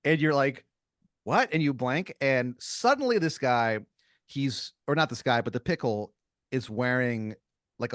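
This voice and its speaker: A man's voice: mid-range voice, no echo. A man in the middle of his range spins an improvised comic tale in a meandering, stop-start way. He piles up fillers and restarts as he goes. The recording is close and dry, with no room sound. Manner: rambling, full of fillers and restarts. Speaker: podcast co-host. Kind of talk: improvised comedic storytelling.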